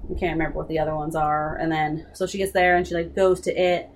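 A woman's voice: sits low, fairly even intonation, fast talker, a little hiss or hum. A young woman casually retelling a book's plot, rambling with lots of "like" and restarts. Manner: rambling, filler-heavy with frequent "like". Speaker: book discussion co-host. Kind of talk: casual chat retelling a book.

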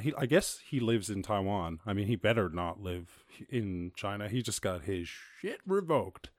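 A man hosting a casual podcast, ranting about the news in a profane, animated way, full of laughs and asides. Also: lowish voice, dry recording, clean studio sound. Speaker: podcast host.

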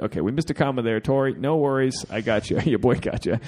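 A man's voice: medium pitch, quick pace, hardly any pauses, a little mellow. A man co-hosting a podcast, reading a listener's email aloud with crude jokes and asides. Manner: jokey, crude asides, gets teary. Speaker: podcast co-host.

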